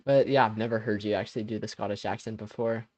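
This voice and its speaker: A man's voice: on the low side, fairly even intonation, fast, darkish tone. A young man hosting a live stream, chatting casually with viewers. He laughs often and trails off mid-sentence.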